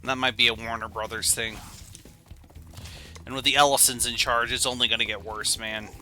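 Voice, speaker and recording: Bright-voiced goofy male game streamer. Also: medium pitch, level tone, a little fast. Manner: rambling, goofy and self-deprecating. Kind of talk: casual gameplay commentary.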